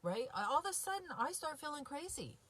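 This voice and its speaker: Speaking fairly quickly in a high, fairly bright and very animated voice, a woman recovery coach and podcast host addresses her viewers casually and sincerely. She leans on many fillers and often adds "right?"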